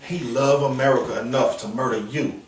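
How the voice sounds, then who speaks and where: A man preaching on a downtown street in a forceful, confrontational, slangy manner, with call-and-response from listeners. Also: medium pitch, steady tone, a little fast. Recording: echoey street sound from a distance.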